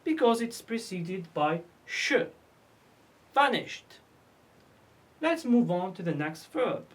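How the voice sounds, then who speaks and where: Woman teacher going slow, pitch jumps all over, says every word twice then asks why. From North Africa. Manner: repeats each word slowly, asks and answers her own questions. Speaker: English teacher. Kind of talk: slow classroom lesson.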